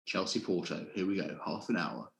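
A man making dry, deadpan quips while chatting with friends on a podcast. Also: low-pitched, fairly quick, creaky, echoey room, background noise. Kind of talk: casual chat among friends.

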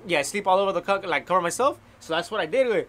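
Rapid-fire storyteller. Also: male voice, high-pitched, expressive. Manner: slangy, swears, switches into Spanish mid-sentence. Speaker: storyteller among friends. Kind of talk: casual chat, telling a ghost story.

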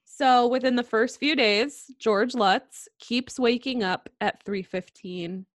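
A woman's voice: a little high, slow, no room sound, clean studio sound. Woman telling a spooky story casually. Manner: laid-back storytelling with fillers and swearing, laughs easily. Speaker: podcast co-host telling a true-crime story.

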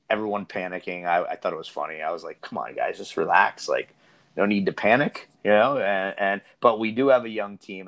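A man with a fairly low voice talks soccer on a casual podcast. He rambles, restarts his sentences often and grows animated as he goes. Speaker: soccer coach and podcast host.

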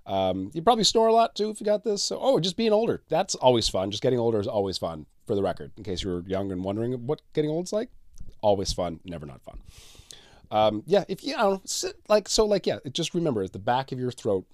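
A man's voice: mid-range voice, sing-song, quick pace, a little mellow, dry recording, studio quality. A middle-aged man hosting his solo podcast, talking casually with sarcasm, frequent swearing and laughs at his own jokes. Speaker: podcast host. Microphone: studio mic.

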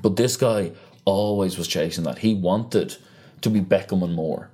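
A young man chatting casually on a podcast, ranting with animated energy and free swearing. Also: low voice, moderate pace. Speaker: podcast co-host. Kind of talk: casual chat.

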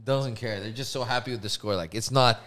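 A young adult man co-hosting a podcast in casual chat, joking, animated and slangy. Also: medium pitch, a little fast. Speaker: podcast co-host.

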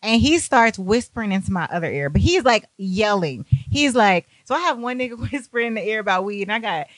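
A young woman telling a party story, animated and profane, acting out what people said. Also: mid-range voice, brisk, no echo. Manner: animated, profane, acts out quotes. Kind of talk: casual storytime.

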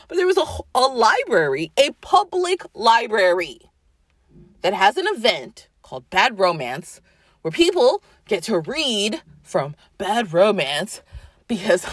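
A woman's voice: mid-range voice, fairly bright tone, no echo. A woman hosting a podcast, ranting casually with profanity and sarcasm, often mock-quoting other people. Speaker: podcast host.

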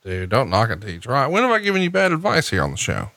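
Podcast host guy ribbing his cohost, sarcastic, bright voice, dry close mic. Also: mid-range voice, wildly swooping pitch, quick pace, vocal fry, no echo. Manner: teasing, needling, sarcastic. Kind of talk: casual podcast banter.

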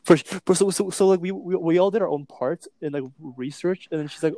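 Mellow-voiced young guy, blunt and profane. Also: high-pitched, fairly quick, few pauses, no room sound. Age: young adult. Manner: blunt, profane, hesitant restarts. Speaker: university student. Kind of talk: casual chat among friends on a call.

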